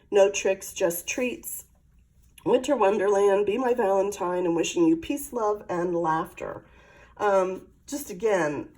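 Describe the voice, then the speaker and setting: A woman's voice: medium pitch, darkish tone, low-quality recording. A middle-aged woman showing craft supplies in a casual, chatty way, thinking aloud as she handles them. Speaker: craft product demonstrator. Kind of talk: casual product show-and-tell.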